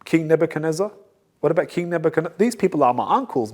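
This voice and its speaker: A man's voice: a little high, lively intonation, fast talker, a little mellow, husky. A man, a reverend hosting his own talk show, speaking casually and animatedly, often repeating his points for emphasis and mixing in jokes. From Assyrian community.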